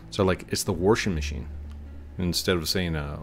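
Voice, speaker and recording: A man's voice: sits low, big pitch swings, fairly quick, slight background noise. A man with a rural Missouri twang, rambling and chatting through casual gameplay commentary as a gaming channel host, often mocking himself with a chuckle. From Missouri, USA. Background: faint game music.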